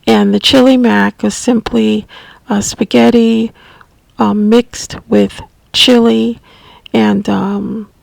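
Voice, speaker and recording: A woman telling a personal caregiving story at an unhurried, slow pace, her voice gravelly with heavy fry. She speaks a little high, halting and restarting, in a close, dry recording. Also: level tone, dry recording. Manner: halting, with frequent restarts and soft asides. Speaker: family caregiver sharing memories.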